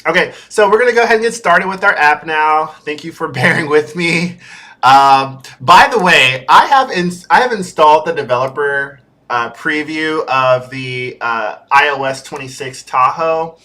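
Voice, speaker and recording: Young male developer-streamer, bright tone, relaxed and chatty, rambles a little with ums and uhs, home setup. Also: fairly high pitch, moderate pace. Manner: chatty and easily sidetracked, with fillers. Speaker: software developer streaming a build-in-public series. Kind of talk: casual livestream talk.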